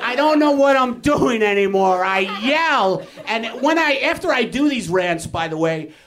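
A middle-aged man with a New York accent shouting an angry comic rant on stage, then dropping into mumbled asides. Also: very high voice, lively intonation, moderate pace. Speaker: comedian doing a rant segment. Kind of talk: ranting stand-up bit on a live podcast. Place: small comedy theater stage with audience. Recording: live theater audience audible.

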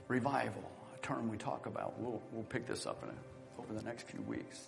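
A middle-aged man preaching a sermon as pastor, animated and exclamatory at times, then dropping to a quiet, prayerful tone. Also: mid-range voice, moderate pace, vocal fry, long reverb tail, music in the background.

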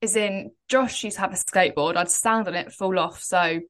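A woman's voice: medium pitch, normal speed. Woman, twenties, podcast co-host, casual chat, rambling. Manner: chatty, rambling, laughs often.

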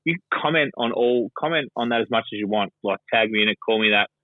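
A fast-talking Australian man with a lowish voice calls in as a guest pundit for some casual sports chat. He rambles, swears, and leans heavily on fillers, and the phone-line recording is dry.

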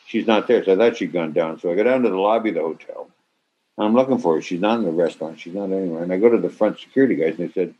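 An older man on a video call telling an animated anecdote, acting out quotes with swearing and sudden loud bursts. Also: low voice, fast. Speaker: actor interview guest. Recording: slightly muffled video-call audio.

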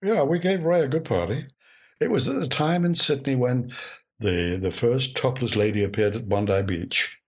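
A man's voice: medium pitch, moderate pace, husky. An older man tells wry anecdotes from his past to an interviewer. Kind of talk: oral history recollection.

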